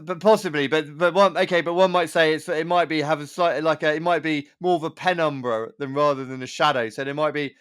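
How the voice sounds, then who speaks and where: A man's voice: on the high side, fairly even intonation, brisk, few pauses, fairly bright tone, smooth, no echo, clean studio sound. A man hosting a podcast in casual chat, rambling and hesitant with playful teasing. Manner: rambling, hesitant, many restarts. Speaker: podcast host.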